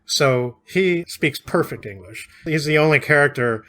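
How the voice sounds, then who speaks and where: A man's voice: a little high, lively intonation, measured pace, a bit bright. A man co-hosting a podcast, casually recapping and discussing a classic novel, chatty and often laughing. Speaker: podcast co-host.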